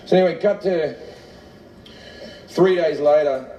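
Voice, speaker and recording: A man's voice: medium pitch, normal speed, long pauses, warm tone. A middle-aged man doing a stand-up comedy routine, telling a profane, self-mocking story with laughs. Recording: echoey, distant, noisy live recording.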